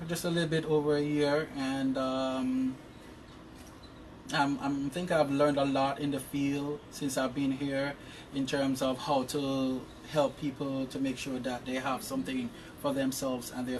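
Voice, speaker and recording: Picked up on a distant mic with a little hiss or hum, this insurance professional from Jamaica speaks in a mid-range voice and a Jamaican accent. As an interview guest he gives lengthy, earnest explanations of his work, frequently starting his words over.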